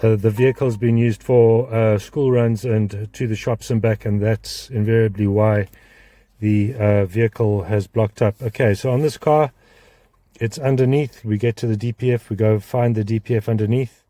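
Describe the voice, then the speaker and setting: A man's voice: lowish voice, steady tone, moderate pace, mellow, dry recording. A man working as a mechanic, giving a hands-on how-to demonstration and explaining each step while he works under a car in a garage.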